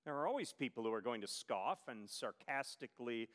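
A man's voice: medium pitch, lively intonation, a little fast, fairly bright tone, in a large hall. A man preaching a sermon, retelling a story with emphasis and rhetorical questions.

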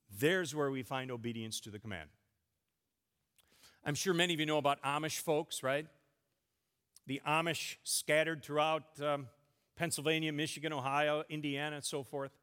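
A man preaching a sermon, emphatic, with big swings in pitch and volume. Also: measured pace, a bit bright. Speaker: pastor. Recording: long church reverb.

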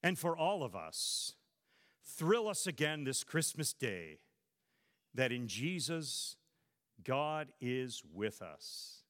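A man's voice: medium pitch, sing-song, takes it slowly, fairly bright tone. A man preaching a Christmas sermon and leading a prayer, speaking dramatically with strong emphasis, in a church. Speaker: pastor. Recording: reverberant hall.

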